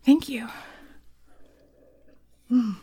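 A woman's voice: on the high side, drawn-out words, warm tone, breathy edge. A woman performer chatting casually between requests, rambling and laughing, sometimes dropping into a whisper. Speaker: live performer reading requests. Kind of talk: casual chat.

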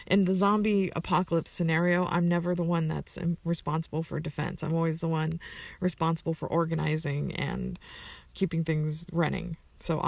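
A woman from the community answers a list of questions in a deep voice with vocal fry, recorded without echo. She keeps it casual, rambling along with plenty of fillers and correcting herself as she goes.

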